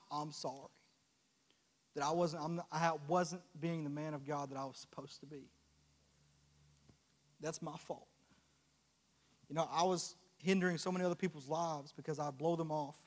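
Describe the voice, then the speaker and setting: A young adult man preaching a sermon, impassioned, moving from quiet confession to loud exhortation with repeated rhetorical questions. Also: fairly high pitch. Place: church sanctuary. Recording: long church hall reverb.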